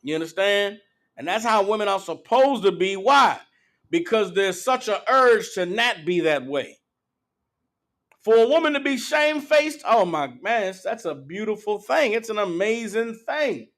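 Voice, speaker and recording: Blunt high-voiced male street preacher. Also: expressive, normal speed, fairly bright tone. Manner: blunt, profane, mocking impressions of women. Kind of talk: street-style sermon. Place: meeting hall.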